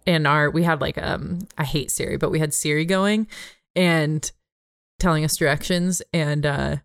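A woman with a low voice chats on a podcast, full of fillers and quick laughs. The sound is dry and close. She talks in a loose, easygoing way. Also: steady tone, no room sound. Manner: chatty, laughs often, many fillers. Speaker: podcast co-host. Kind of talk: casual chat.

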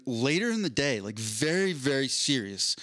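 A man's voice: mid-range voice, very animated, moderate pace, a bit bright, no echo. A young adult man telling a rambling, self-deprecating story on a casual podcast, with many restarts. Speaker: podcast co-host.

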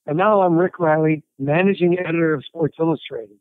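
A man, a writer and interview guest, telling animated anecdotes and quoting people as he goes. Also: fairly high pitch, a little fast, clean tone, no echo. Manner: animated anecdotes with quoted voices and laughter. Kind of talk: storytelling interview. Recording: tinny phone-like line.

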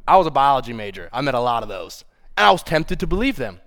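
A young adult man preaching a sermon, reading scripture with feeling and playful, animated asides. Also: medium pitch, quick pace. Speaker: pastor.

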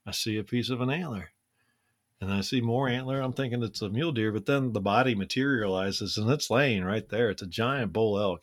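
A man co-hosting a podcast, casually telling a personal story in a relaxed, conversational way, with frequent "man" and "uh" fillers. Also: on the low side, no echo, clean studio sound. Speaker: podcast co-host.

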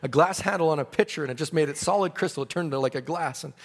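A man's voice: fairly high pitch, fast talker, big-room sound. A man preaching a sermon, telling a story dramatically and breaking into praise.

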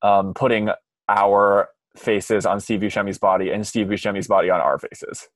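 A man's voice: on the low side, little pitch movement, normal speed, fairly bright tone, dry recording. A man hosting a podcast in casual chat, gushing and full of fillers. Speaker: podcast host.

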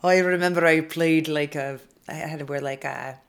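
A woman's voice: sits low, fairly even intonation, moderate pace, smooth. A young woman co-hosting a podcast, chatting casually in a playful, joking way with the odd swear word. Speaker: podcast co-host. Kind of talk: casual chat.

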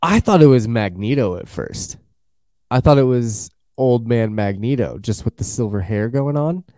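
A man's voice: medium pitch, lively intonation, normal speed, mellow, no echo, clean studio sound. A man chatting casually as a podcast host, rambling and acting out quotes in jokey voices. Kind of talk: casual chat.

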